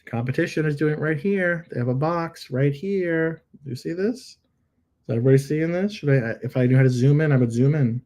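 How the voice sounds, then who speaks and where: A man's voice: a little high, fairly quick, dark tone. A middle-aged man hosting a live review, joking and thinking aloud while he edits images on screen. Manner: playful, jokey, thinks aloud while editing. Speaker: host giving live product listing reviews. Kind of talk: live screen-share critique.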